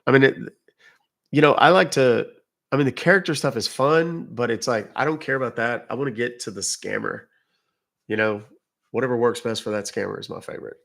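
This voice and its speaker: A gravelly yet slightly bright mid-range voice belongs to an English livestream host with a British accent. He talks fairly quickly, answering viewers in a loose, rambling chat full of self-interruptions.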